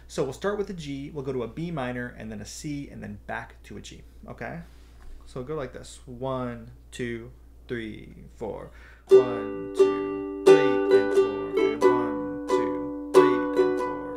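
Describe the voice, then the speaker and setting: With a gravelly, medium-pitched voice, a man walks beginners through a ukulele lesson step by step, counting beats aloud. Ukulele can be heard the whole time.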